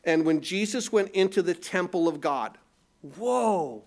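A man's voice: high-pitched, expressive, a little slow, a little mellow. A man preaching a sermon, reading scripture aloud and explaining it, often asking his listeners rhetorical questions and repeating words as he goes. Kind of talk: expository sermon.

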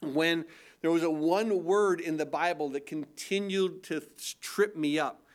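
A man's voice: fairly high pitch, unhurried. An older man preaching a sermon as pastor, in a conversational style that stumbles and repeats words, sometimes breaking into mock-incredulous voices for emphasis. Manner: conversational preaching with repetitions and restarts.

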